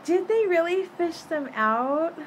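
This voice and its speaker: A woman's voice: extremely high pitch, lively intonation, slow, a little hiss or hum. A woman chatting casually on a live stream from her phone at home, giggling often. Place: home apartment. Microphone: phone held up.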